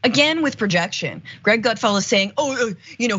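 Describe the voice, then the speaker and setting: A woman's voice: a little high, expressive, fairly quick, fairly bright tone, breathy edge, dull audio. A female co-host giving indignant political commentary, acting out quotes as she goes.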